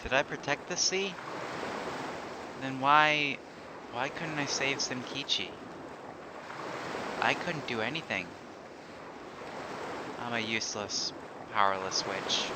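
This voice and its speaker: A man reading aloud as a young sea witch girl who blames herself, in a quiet, low, halting lament. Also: very noisy, close to an everyday voice. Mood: sorrowful. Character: young sea witch girl, grief-stricken and self-blaming. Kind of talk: reading game dialogue aloud. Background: game music.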